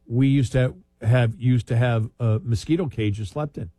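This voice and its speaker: A man of middle pitch spins loose, wandering anecdotes in casual conversation, often breaking into laughter. His voice sits close and dry, with almost no room sound around it. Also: moderate pace, warm tone, no room sound. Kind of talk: casual chat.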